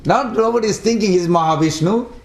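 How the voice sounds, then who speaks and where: A man speaking to a devotional study group, telling a story in an animated way and acting out the characters. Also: high voice, brisk. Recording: roomy echo.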